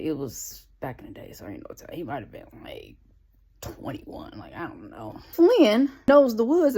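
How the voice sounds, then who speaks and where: Animated woman recapping a show sarcastically. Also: mid-range voice, slightly rough. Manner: sarcastic, incredulous asides to the viewer; slangy, conversational. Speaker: reviewer recapping an episode. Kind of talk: casual recap commentary.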